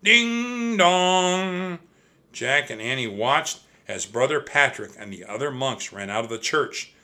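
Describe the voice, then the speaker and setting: A man narrating a children's storybook in an expressive, steady reading style. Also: mid-range voice, moderate pace. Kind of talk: audiobook storytelling.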